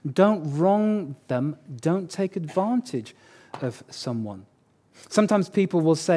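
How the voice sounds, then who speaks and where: High-voiced man preaching a sermon. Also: expressive, unhurried, mellow. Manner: conversational and joking, repeats key words for emphasis. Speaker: pastor.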